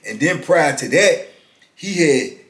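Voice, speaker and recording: A man's voice: on the high side, expressive, a bit bright. Laid-back man in his fifties, roomy echo. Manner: laid-back, drawn-out, peppers talk with "man". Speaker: former prisoner telling his story. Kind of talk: casual storytelling.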